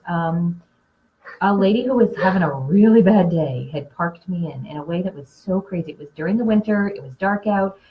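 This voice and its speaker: A woman hosting a casual live class, a chatty storyteller who gets animated telling anecdotes. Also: medium pitch, highs cut off. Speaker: essential oils class host and Reiki practitioner.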